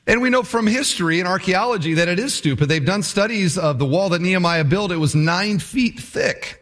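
A pastor preaching an expository sermon, a man whose fairly high voice rises and falls with lively animation. He tells the story vividly and keeps putting questions to his listeners. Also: a little fast.

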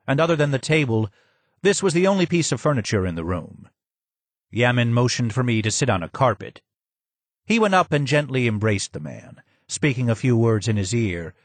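Male audiobook narrator, steady mid voice, dry close studio sound. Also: mid-range voice, dry recording. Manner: measured, even reading. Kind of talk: scripted narration.

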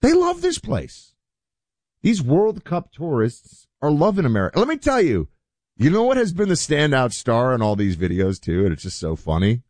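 A man hosting a talk show, chatting in an animated, conversational way with plenty of asides. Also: mid-range voice, normal speed, no echo. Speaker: show host. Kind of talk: opinion talk show commentary.

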